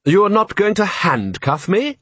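A man voicing a calm, polite city ruler with a dry, ironic way of talking. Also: high voice, measured pace, slightly rough, no room sound, pitched above the performer's own voice, full character voice. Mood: wry.

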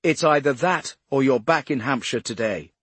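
A man voicing a calm, brisk male intelligence director, in a husky voice. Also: medium pitch, no echo, voice pushed up. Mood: firm. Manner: brisk and matter-of-fact.

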